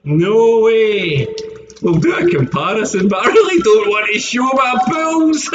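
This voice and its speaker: Scottish man, high-pitched, chatty, jokey, faint background hiss. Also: dull audio. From Scotland. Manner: chatty, jokey, often laughing. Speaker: streamer opening trading card packs. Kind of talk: casual live-stream chat.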